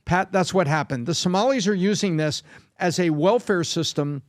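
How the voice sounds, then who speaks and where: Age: adult. Sex: man. Pitch: high. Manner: emphatic, repeats words for stress. Sound: dry studio. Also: moderate pace, no room sound. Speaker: panelist. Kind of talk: animated panel commentary.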